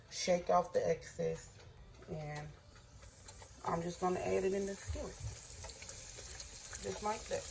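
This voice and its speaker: A woman's voice: lowish voice, creaky, a little hiss or hum. A woman chatting casually to viewers while cooking in her home kitchen. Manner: chatty, addresses viewers as y'all. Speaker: cooking vlogger.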